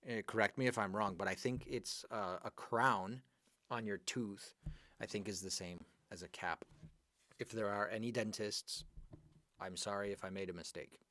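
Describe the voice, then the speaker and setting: A man teaching an English grammar class live, going over exercises and praising his students by name in a lively, chatty way. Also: fairly low pitch, normal speed, no room sound.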